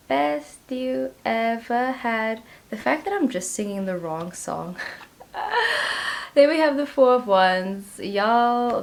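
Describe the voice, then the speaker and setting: Chatting and giggling through a casual pick-a-card tarot reading, a woman addresses her viewers and says "like" constantly. Her voice is medium-pitched and creaky.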